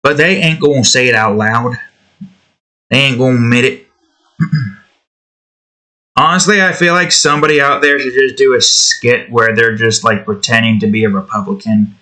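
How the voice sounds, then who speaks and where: A man chats loosely while drawing, drifting between sarcastic rants and offhand remarks. His mid-range voice has a bright, keen edge, and he swears freely. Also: medium pitch, fairly even intonation, normal speed, pauses often. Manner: rambling, profane and sarcastic. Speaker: art channel host. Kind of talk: casual commentary while drawing.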